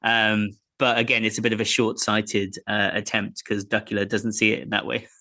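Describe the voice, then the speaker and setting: A man's voice: on the low side, moderate pace, dry recording, clean studio sound. Easygoing male guest who laughs often. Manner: laughs often, relaxed and rambling. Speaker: podcast guest, teacher. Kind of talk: casual chat.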